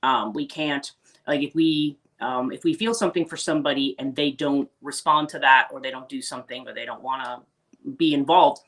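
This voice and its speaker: A woman's voice: rumbling low, fairly even intonation, normal speed. A woman hosting a spiritual life coaching livestream, talking casually and rambling, with many restarts and acted-out quotes. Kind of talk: casual unscripted livestream talk.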